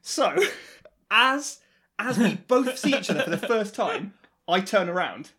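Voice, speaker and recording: Animated high-voiced man telling a story. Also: a little slow. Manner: animated, swearing, laughing storyteller. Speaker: podcast co-host. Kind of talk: casual storytelling chat.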